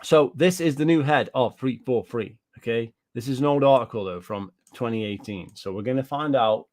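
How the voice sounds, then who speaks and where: A man's voice: mid-range voice, moderate pace, a little mellow. Profane British man ranting about games. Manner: ranting, profane, repeats himself, answers live chat. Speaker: gaming commentator. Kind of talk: casual reaction commentary.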